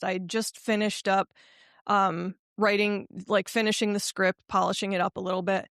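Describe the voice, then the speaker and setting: A woman hosting a motivational podcast, speaking in an emphatic, affirming way that turns halting and emotional when she gets personal. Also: mid-range voice, level tone, a bit bright, smooth, no echo, clean studio sound. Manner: slow, emphatic, affirming delivery. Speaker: podcast host and life coach.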